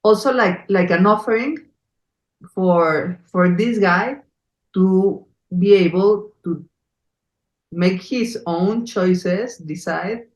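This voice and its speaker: A woman's voice: mid-range voice, takes it slowly, reverberant, rough recording. A woman with a Mexico City Spanish accent hosting a podcast interview, talking in English in an earnest, effusive way with many fillers. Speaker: podcast host. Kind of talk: conversational interview.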